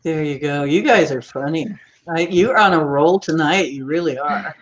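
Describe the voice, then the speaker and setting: A woman's voice: low-pitched, unhurried. A woman hosting a casual livestream chat, teasing and laughing often as she talks. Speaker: livestream host.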